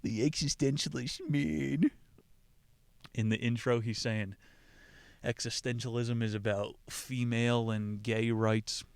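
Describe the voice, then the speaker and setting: This podcast host has a fairly low, level voice, speaking at a measured pace, smooth and without echo. He mockingly riffs on a philosophy book in a loose, rambling, irreverent way, reading quotes from it out loud.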